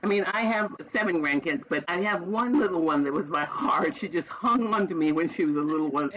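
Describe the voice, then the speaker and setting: A woman's voice: fairly low pitch, brisk, slight background noise, poor audio. A woman in her seventies, guest on a podcast, telling heartfelt stories in an emphatic way and repeating phrases for effect. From American South. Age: 70s. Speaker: podcast guest, retired teacher. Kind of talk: heartfelt conversational storytelling.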